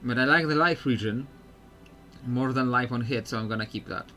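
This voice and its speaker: A man's voice: mid-range voice, a little fast, pushed and bright, faint music behind. A man streaming a game, rambling through casual commentary and laughing often.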